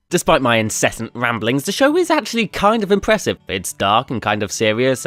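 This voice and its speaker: A man's voice: medium pitch, huge pitch swings, a little fast, hardly any pauses, fairly bright tone, no echo. A British man delivering a scripted comedy review of an anime in a sarcastic, profane, ranting manner. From Britain.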